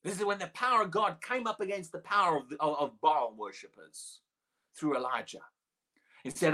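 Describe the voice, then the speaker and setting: A preacher delivering a sermon, animated and expressive, with frequent laughs. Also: medium pitch, normal speed. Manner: animated, acts out the quoted speech in a raised voice, laughs often.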